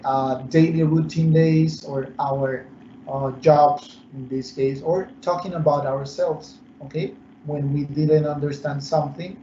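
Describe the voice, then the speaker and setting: A man's voice: a little high, warm tone, a little hiss or hum. Male English teacher, echoey. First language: Spanish. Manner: explains slowly, switching between English and Spanish. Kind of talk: bilingual online English lesson. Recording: echoey muffled room recording.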